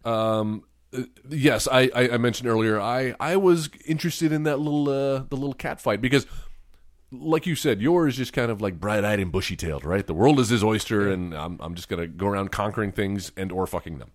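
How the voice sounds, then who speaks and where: Rambling low-voiced man, dry sound. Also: fairly quick, dry recording. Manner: rambling, full of fillers and restarts. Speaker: podcast co-host. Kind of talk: casual movie-review chat.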